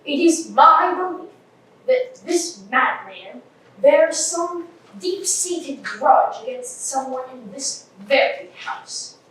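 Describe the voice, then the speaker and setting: A woman acting as a self-important male detective in a live school stage play, grandly declaiming in a high, swooping voice. The sound is echoey and comes from far across the hall, with a faint hiss underneath. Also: lively intonation, slow, a bit bright, heavily acted. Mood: pompous. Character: pompous bumbling male police inspector. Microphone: distant room mic.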